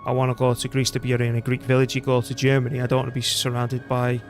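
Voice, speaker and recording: A man's voice: medium pitch, completely flat delivery, quick pace, soft background music. Rambling British man streaming a game. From Britain. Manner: rambling, chatty, self-deprecating. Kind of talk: casual gameplay commentary.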